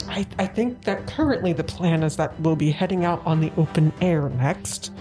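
A woman's voice: low voice, normal speed. A woman player in a tabletop game, speaking in a hesitant, polite way. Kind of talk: tabletop role-play chat. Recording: music behind the talk.

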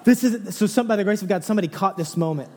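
A man in his thirties delivers a sermon as an animated storyteller, his voice sitting a little high for a man. He moves from low, hushed passages to bursts of excited near-shouting. The sound carries a long reverb, as from a large church hall. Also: racing. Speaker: pastor.

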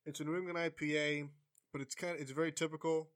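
A man's voice: on the high side, level tone, quick pace, fairly bright tone. Easygoing man hosting casual podcast chat. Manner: rambling, easygoing, filler-heavy. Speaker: podcast host. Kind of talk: casual chat, beer reviews.

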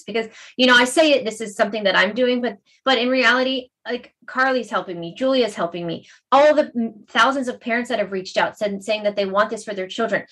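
An emotional, animated woman in middle age tells a personal story in casual talk. She swings between soft and bright as she goes, in an ordinary mid pitch. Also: rough recording. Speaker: meditation teacher and guest.

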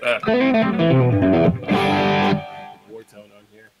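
A man's voice: mid-range voice, wildly swooping pitch, very slow, gravelly, over loud music. A man guest in a casual interview, explaining at an easy pace with plenty of fillers and spoken examples. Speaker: guitarist guest.

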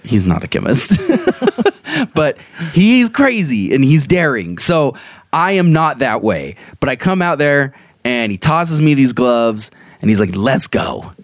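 A man's voice: medium pitch, measured pace, dry recording. A married man telling stories in casual chat, laughing often and acting out the people he quotes. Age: adult, married. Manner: animated, laughs often, acts out quoted voices. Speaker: podcast co-host telling stories.

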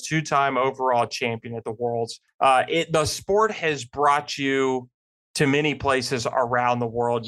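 Man, podcast host, friendly, admiring, mid pitch. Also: fairly bright tone. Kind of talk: interview questions.

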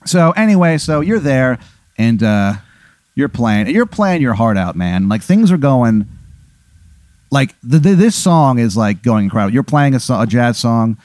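A man improvising a comedy story in a rambling, animated way, full of fillers. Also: medium pitch, measured pace, no echo.

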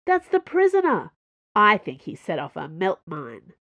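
A woman's voice: a little high, huge pitch swings, a little slow, dry recording, highs cut off, voice pushed up. A woman playing a bubbly young engineer. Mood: gleeful. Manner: bubbly, gleeful, eager. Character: cheerful excited young woman ship engineer.

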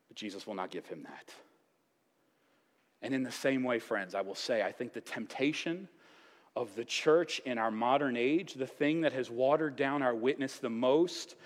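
A man preaching a sermon as pastor, with playful asides and acted-out quotes. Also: medium pitch. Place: church sanctuary. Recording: long church reverb.

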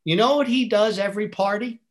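A middle-aged man with a somewhat raised pitch tells stories earnestly and with animation. He acts out both sides of remembered conversations. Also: brisk. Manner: earnest, animated storyteller who acts out dialogue. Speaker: guest. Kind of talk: storytelling in a podcast conversation.

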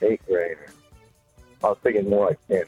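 A man's voice: lowish voice, steady tone, moderate pace, warm tone, breathy edge, no room sound, faint music behind. A man calling in to a radio show, haggling hesitantly over the price of a truck. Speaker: caller. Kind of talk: casual phone call about a truck. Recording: tinny phone line.

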